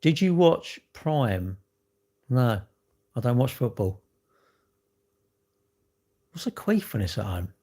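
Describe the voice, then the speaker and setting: A man's voice: mid-range voice, very animated, takes it slowly, pauses often, dark tone. A middle-aged man with a British accent, rambling bluntly in slangy casual chat while answering a livestream chat.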